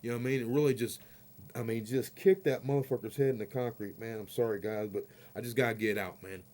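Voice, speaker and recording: A man in the middle of a heated vlog rant, his voice neither high nor low. He rambles through his story, swears freely and keeps checking in with his listeners. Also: fairly even intonation, fast talker, darkish tone. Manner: peppers talk with "you know what I mean". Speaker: vlogger.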